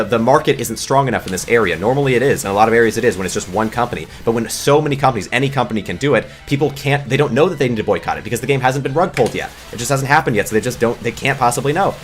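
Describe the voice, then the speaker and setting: A man creating gaming videos, ranting off the cuff in a rambling, exasperated way, full of restarts and fillers. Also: mid-range voice. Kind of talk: off-the-cuff commentary rant.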